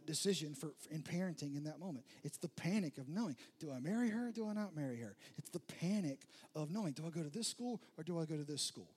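A man's voice: on the high side, a little mellow, husky. A male pastor preaching a sermon in a conversational storytelling way, with emphatic repeated phrases.

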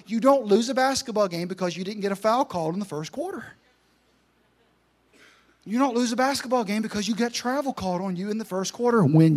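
High-voiced man preaching with jokes. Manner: energetic, joking, repetitive emphasis. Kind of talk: sermon storytelling.

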